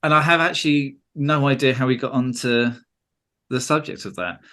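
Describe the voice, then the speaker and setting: A man's voice: medium pitch, steady tone, normal speed, sharp tone. A man with a southern English accent hosting a podcast, chatting casually and joking. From England. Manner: chatty, jokey, slips into mock regional accents. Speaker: podcast host.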